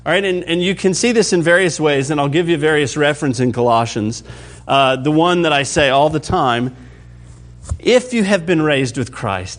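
A man preaching a sermon to his congregation in a conversational teaching style, often checking that listeners follow and pushing louder or dropping soft for emphasis. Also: on the high side, animated, moderate pace. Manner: varies pace and loudness for emphasis. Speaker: pastor.

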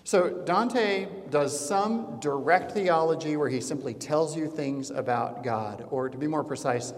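A man's voice: on the high side, measured pace, big-room sound. A man giving a conversational classroom lecture, digressive and full of fillers, showing slides as he goes.

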